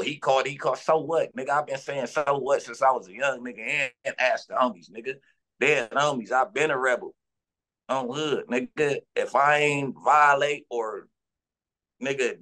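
A man's voice: medium pitch, a bit bright. A man from Los Angeles, a guest in an interview, talking heatedly and insistently in profane street slang.

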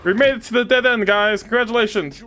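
A woman commentating her gameplay casually, excitable, swearing and trash-talking enemies. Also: fairly high pitch, fast. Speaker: gaming streamer.

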